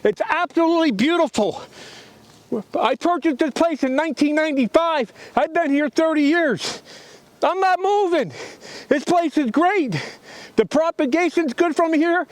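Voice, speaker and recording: A man's voice: extremely high pitch, lively intonation, normal speed, faint music behind. A man in his fifties, a radio operator and tower builder, explaining his antennas outdoors in a matter-of-fact way. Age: 50s. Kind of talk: casual on-site explanation to camera.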